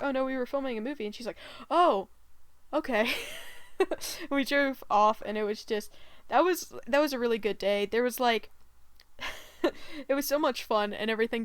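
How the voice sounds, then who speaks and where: A woman's voice: fairly high pitch, smooth, no echo. A woman hosting a casual storytime vlog, giggly and rambling with many fillers. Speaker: gaming channel host.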